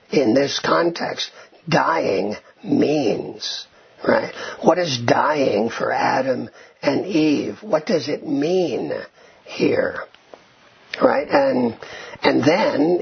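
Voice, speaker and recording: A slow, deliberate male teacher lecturing on scripture and Hebrew wording. His voice is very raspy with a gravelly edge. He keeps asking "right?" to carry the class along, and the recording sounds dull and lo-fi. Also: mid-range voice. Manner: checks in with frequent "right?"; reads Hebrew passages aloud. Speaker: Bible teacher.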